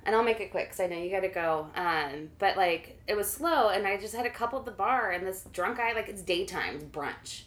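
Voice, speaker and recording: A woman bartender telling a lively story in casual chat, acting out the voices of the people in it. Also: mid-range voice, fairly quick, hardly any pauses. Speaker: bartender and podcast co-host. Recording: echoey room.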